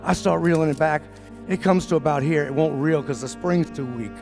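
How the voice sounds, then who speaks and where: Man, gravelly voice, fairly high pitch, animated storyteller, acts out each person's lines, faint music behind. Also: fairly quick. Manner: animated, acts out the dialogue of the people in his story. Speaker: speaker at a business summit. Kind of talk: storytelling talk to an audience.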